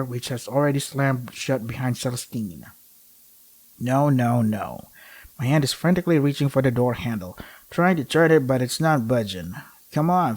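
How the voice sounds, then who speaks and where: A man playing a visual novel, reading its lines aloud and cutting in with deadpan sarcastic remarks. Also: mid-range voice. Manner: deadpan sarcastic asides between dramatic reading. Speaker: gaming YouTuber.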